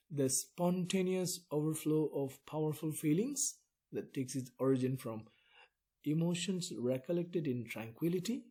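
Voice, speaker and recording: A man giving a poetry lesson, explaining slowly and deliberately, with pauses between phrases. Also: fairly high pitch, mellow, breathy edge. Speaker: literature teacher.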